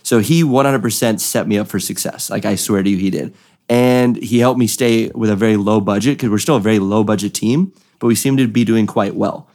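A young man, a drift racing driver, telling a story with excitement and acting out the voices of the people in it. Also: on the low side, a little fast. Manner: excited, acts out voices in quotes. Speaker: drift driver, podcast guest. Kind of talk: animated storytelling.

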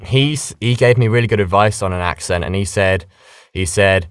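A British man, a voice actor, chatting casually in an interview and explaining things in a lively, animated way. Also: low-pitched, moderate pace, clear, resonant tone, no echo, clean studio sound. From Britain. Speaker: voice actor guest.

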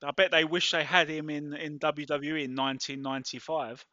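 A man's voice: on the high side, flat delivery, fairly quick, pushed and bright, no echo, dull audio. A British man co-hosting a podcast, trading jokes and teasing pedantic asides in casual banter. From United Kingdom. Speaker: podcast co-host.

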